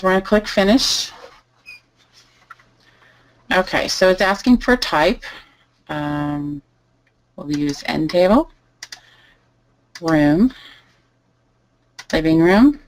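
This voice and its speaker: A woman teaching a live online lesson, calmly thinking aloud as she types through each step. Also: lowish voice, slow, pauses often, poor audio. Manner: relaxed, thinking aloud while typing. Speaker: online selling instructor. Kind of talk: live screen-share tutorial.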